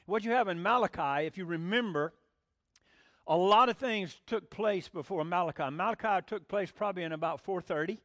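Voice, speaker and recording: A man's voice: high voice, moderate pace, a bit bright, no echo. A man preaching a folksy, emphatic sermon and acting out the voices he quotes. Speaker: pastor.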